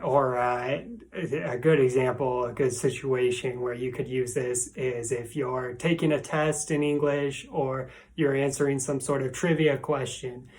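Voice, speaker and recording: Male English teacher, casual lesson delivery, unhurried and playful, mid-range voice. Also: medium pitch. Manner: relaxed, playful, acts out exasperated exclamations.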